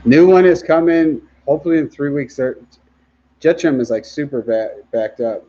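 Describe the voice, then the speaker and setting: A man hosting a casual livestream, reading viewer comments aloud in a relaxed way, often laughing and trailing off mid-sentence. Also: on the high side, moderate pace, muffled recording.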